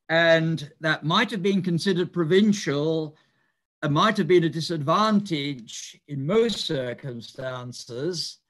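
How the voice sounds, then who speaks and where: An older man giving a reminiscing lecture, speaking in a measured, explanatory way with some hesitant fillers. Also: on the high side, a bit bright. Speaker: mathematician giving a talk.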